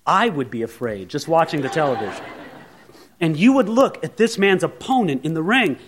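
A man with a fairly high voice preaches a sermon. He is animated and theatrical, swinging his delivery as he tells the story. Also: moderate pace, slightly rough. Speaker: pastor.

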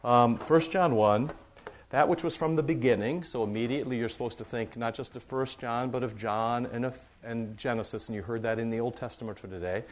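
A man's voice: mid-range voice, a little fast. A middle-aged man, a pastor, giving church announcements and leading a Bible study in a rambling, good-humored way. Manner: chatty, warm-humored, rambling with fillers.

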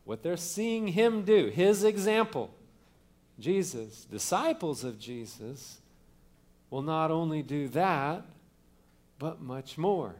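Male pastor, slightly high voice, casual sermon delivery with restarts. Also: animated, slow. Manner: conversational teaching with fillers and restarts; opens with a quiet prayer.

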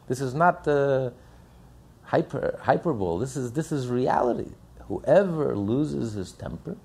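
A man's voice: medium pitch, dark tone. A man giving a sermon as a rabbi, emphatic and repetitive, firing rhetorical questions. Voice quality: gravelly, husky.

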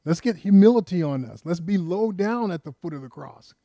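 An older male pastor preaches in an emphatic, questioning way, pressing his listeners for answers. His voice sits a bit high for a man. The sound is close and dry, with no room around it. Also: lively intonation, brisk, dark tone, no room sound. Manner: emphatic, asks the congregation many questions. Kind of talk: sermon.

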